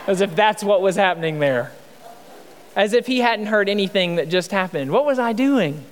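A man's voice: high-pitched, a bit bright. A man in his thirties preaching a sermon as pastor, in a conversational style with many rhetorical questions. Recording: long hall reverb.

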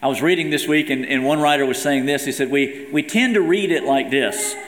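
A man preaches a sermon in a church sanctuary, his earnest delivery lifting whenever he reads scripture aloud. His voice sits at a middle pitch for a man. The room around him is roomy, with a long reverb trailing each phrase. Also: fairly quick, fairly bright tone, a little hiss or hum. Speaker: pastor. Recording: echoey hall with long reverb.

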